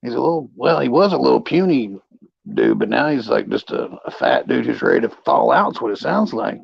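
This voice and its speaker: A man's voice: mid-range voice, expressive, fairly quick, gravelly, husky, no room sound, muffled recording. A man co-hosting a casual livestream chat, rambling through stories with crude language. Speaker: co-host.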